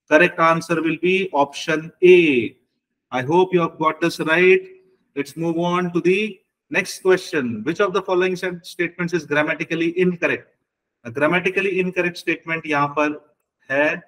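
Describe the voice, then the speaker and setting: A man's voice: a little high, a bit bright, low-quality recording. A man with an Indian English accent teaching an online exam-prep lecture, explaining step by step and switching between English and Hindi.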